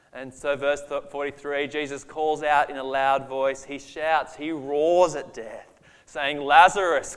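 Male preacher, fairly high voice, earnest and emphatic delivery with long hall reverb. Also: smooth. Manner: earnest and emphatic, voice rising when describing Jesus' anger. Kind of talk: sermon on a Bible passage.

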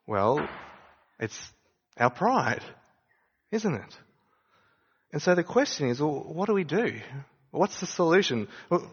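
A man's voice: on the high side, big-room sound, dull audio. A man preaching a sermon, speaking conversationally and asking his listeners rhetorical questions. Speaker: pastor.

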